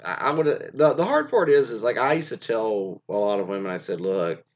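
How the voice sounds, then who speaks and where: A man's voice: medium pitch, very animated, a little fast. A man reading stories aloud and commenting in a rambling, digressive way full of fillers, recorded lo-fi.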